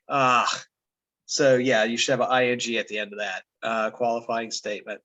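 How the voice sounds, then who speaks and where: A man's voice: mid-range voice, fairly even intonation, moderate pace, bright, forceful tone, low-quality recording. A man teaching a language arts lesson in a loose, chatty way, with many fillers and self-corrections as he explains. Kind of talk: casual classroom lesson.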